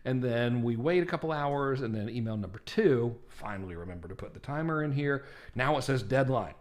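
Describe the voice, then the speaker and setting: A man's voice: mid-range voice, animated, fairly quick. Male marketing instructor, casual screen-share walkthrough, chatty and self-deprecating.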